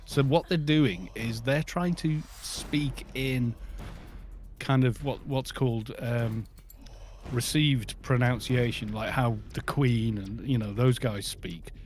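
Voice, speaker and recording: This Scottish man chats casually with friends over a group game voice chat, his medium-pitched voice slow and a little mellow with slight background noise. He rambles, restarts his sentences often, and chuckles.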